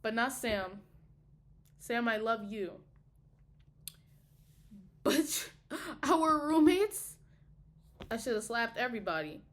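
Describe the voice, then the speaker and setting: Young woman, college student, video diary, fiery profane rant, higher voice. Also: very animated, slow, pauses often, a bit bright. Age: young adult. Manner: heated, profane, emphatic ranting.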